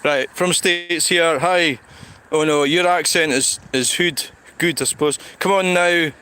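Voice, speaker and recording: This Scottish livestreamer chats casually while walking a town street, with traffic audible in the background. He rambles, swears freely, and talks back to his viewers' comments, in a fairly high, bright, forceful voice that stays steady, unhurried, and clean.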